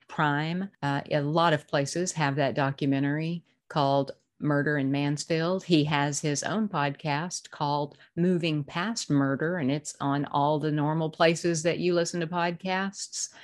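A woman's voice: low voice, fairly even intonation, unhurried, few pauses. A woman co-hosting a podcast, talking earnestly in casual conversation with frequent restarts and laughs. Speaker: podcast co-host.

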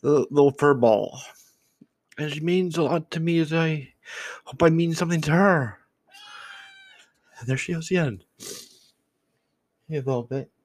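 A man's voice: a little high, measured pace, pauses often, a little mellow, no echo. Reflective man rambling on a solo podcast. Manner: reflective, rambling with restarts and repeated words. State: choked up, voice trembling. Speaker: podcast host. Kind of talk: unscripted solo podcast musing.

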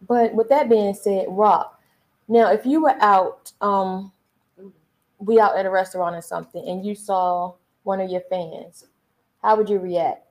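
Woman host, mid-pitched, leads with questions. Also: steady tone, measured pace, a little mellow. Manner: prompting, sets up scenarios for questions. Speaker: podcast host. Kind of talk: casual chat.

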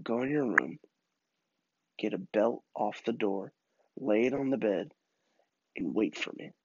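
A man's voice: medium pitch, fairly even intonation, fast talker, highs cut off, close to an everyday voice. A man voicing his own angry, strict father, barking threats and orders in a stern way.

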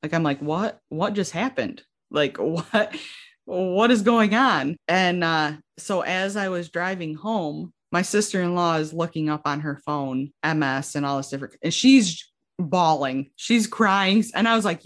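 A woman's voice: lowish voice, a little slow. A young woman in her twenties casually telling her own story, acting out what people said and using lots of "like". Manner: animated, acts out quotes with lots of "like". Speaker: guest sharing her story.

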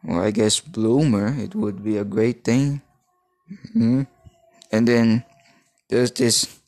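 A man in his thirties, from the Philippines, talks alone on his podcast at a middling pitch. He wanders from thought to thought and stops and restarts often as he hunts for the right words. The recording is dry and close, with no room sound. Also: no echo. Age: 30s. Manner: halting, searching for words, many restarts. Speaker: podcast host. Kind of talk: rambling solo podcast monologue.

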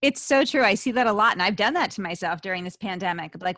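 Woman, fifties, podcast host, effusive, emotional, mid-pitched, dry close recording. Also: quick pace, few pauses, a bit bright, no echo. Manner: emotional, effusive, thinks aloud with many "like"s. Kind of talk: conversational interview.

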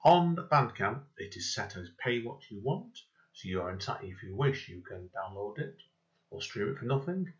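Male podcast host on a video call, lively and rambling, muffled lo-fi sound. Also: fairly low pitch, normal speed. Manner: rambling, laughs often, interrupts himself. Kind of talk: casual interview chat.

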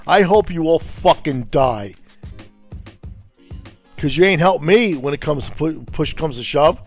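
A podcast host from Brooklyn, ranting angrily and profanely in a confrontational way. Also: male voice, on the high side, expressive, unhurried, faint music behind. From Brooklyn, New York. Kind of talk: angry profane rant.

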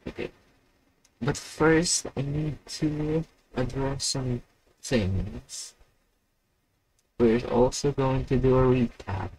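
A man's voice: medium pitch, steady tone, takes it slowly, long pauses, darkish tone, slight background noise, low-quality recording. A young man hosting a live stream alone, rambling and mocking himself while he waits for viewers. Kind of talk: casual solo live stream chat.

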